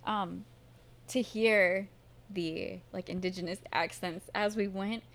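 A young woman in a casual chat, her speech carrying a Southern Oklahoma accent. She tells stories in an animated way and laughs easily between sentences. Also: medium pitch, takes it slowly, gravelly. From Michigan. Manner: laughs often, animated storytelling.

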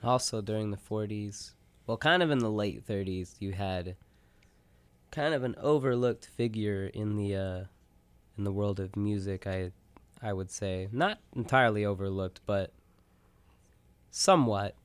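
Young man, college radio co-host, low smooth voice, rambling talk, dry studio. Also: a little slow, pauses often, dry recording. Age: young adult. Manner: rambling, lots of "like" and "you know". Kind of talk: casual radio chat. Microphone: studio microphone.

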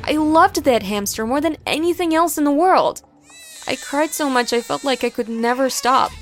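A woman narrating a first-person story in an expressive, dramatic way. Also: high-pitched, moderate pace. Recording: background music.

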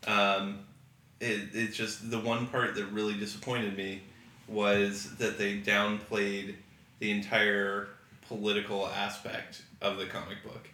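A man on a movie review podcast gives his criticisms in a casual, hesitant way, with frequent fillers. His voice sits a bit low but sounds bright. The room adds a noticeable echo. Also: level tone, slow pace, a little hiss or hum. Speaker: podcast co-host. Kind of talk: casual chat. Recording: roomy echo.

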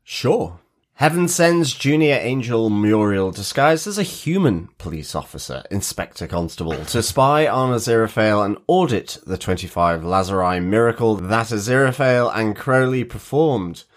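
A man's voice: fairly low pitch, expressive, normal speed. A man from Britain co-hosting a podcast, with dry, wry and brief remarks. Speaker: podcast co-host. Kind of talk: casual podcast chat.

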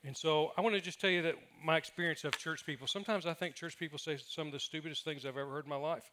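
A man's voice: a little high, fairly even intonation, fast, bright, forceful tone, a little hiss or hum. A man preaching a sermon as pastor, telling funny personal stories and acting out what people said. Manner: humorous storytelling with acted quotes.

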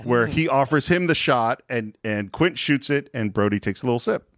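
A man's voice: medium pitch, expressive, moderate pace, a bit bright, no echo, studio quality. A man hosting a podcast in casual chat, telling the story enthusiastically. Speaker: podcast host.

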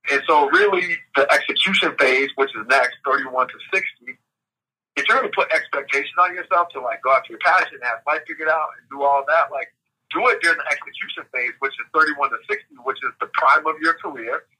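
Podcast guest, male, raspy and bright, easygoing motivational coach. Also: a little high, fairly quick, poor audio. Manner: reflective, coaching tone with frequent "like" and "right?". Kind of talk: motivational interview talk.

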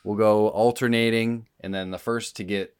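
A man's voice: fairly low pitch, steady tone, normal speed, a little hiss or hum. A man hosting a podcast in casual chat, running a quiz with playful banter.

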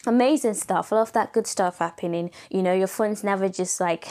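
A young woman talks through her own podcast in a loose, chatty way. Her voice has gone raspy, and she keeps it light and playful, with plenty of fillers and laughs. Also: medium pitch, fairly quick, dark tone. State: voice going raspy. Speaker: podcast host. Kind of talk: casual solo podcast chat.

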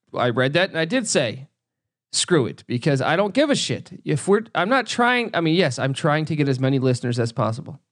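A man hosting a solo sports podcast from home, ranting with heavy cursing, excitable bursts and a habit of repeating his own phrases. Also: a little high, no echo, studio quality. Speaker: podcast host.

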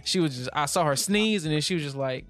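Animated young dad telling stories. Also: male voice, a little high, fast talker, no echo, soft background music. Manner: animated storytelling, laughs often. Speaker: podcast co-host, father. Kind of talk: casual chat.

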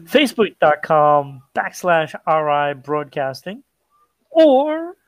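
A man's voice: fairly high pitch, expressive, unhurried, fairly bright tone, no room sound. A man co-hosting a pop culture podcast, chatting casually, plugging the show's channels and joking around. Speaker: podcast co-host. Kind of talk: casual chat.

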